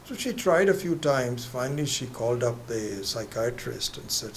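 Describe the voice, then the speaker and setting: A man's voice: medium pitch, normal speed, hardly any pauses, slight background noise. A man teaching a class on scripture, speaking conversationally with many fillers and asides. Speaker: spiritual teacher. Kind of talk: lecture with a told joke.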